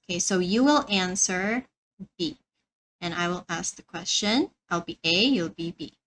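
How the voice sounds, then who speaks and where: Slow, bright-voiced woman teaching English. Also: on the low side, a little hiss or hum, low-quality recording. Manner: slow, careful, repeats words for learners. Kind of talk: slow beginner English lesson.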